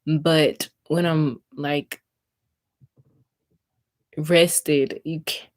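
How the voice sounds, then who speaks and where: A woman's voice: low-pitched, flat delivery, extremely slow. A young adult woman from Mississippi with a Southern US accent, chatting casually with viewers on a crafting livestream and answering their comments.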